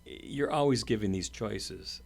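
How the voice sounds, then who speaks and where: A man with a very low voice talking through ideas on a casual podcast. He is earnest and explanatory, and he often restarts his sentences as he thinks aloud. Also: a little slow, creaky. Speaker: podcast co-host.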